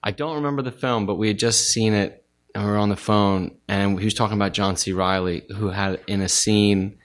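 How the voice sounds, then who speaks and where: A man in his forties speaks in a fairly low voice as a podcast guest. His talk is casual and halting, full of restarts and small pauses as he recalls things. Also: steady tone. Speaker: podcast guest, film director. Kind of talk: casual conversation.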